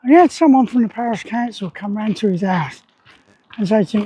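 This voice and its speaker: A man's voice: high-pitched, fairly quick, warm tone, slightly rough, low-quality recording. A man talking casually to camera in a rambling, opinionated way, with lots of fillers. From England. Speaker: vlogger.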